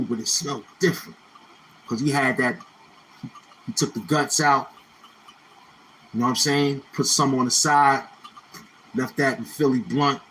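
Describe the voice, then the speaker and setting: Bright-voiced man rambling casually. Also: mid-range voice, slight background noise, rough recording. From Brownsville, Brooklyn, New York. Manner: rambling, slangy, repeats phrases, laid-back reminiscing. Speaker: YouTuber. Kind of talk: casual storytelling monologue.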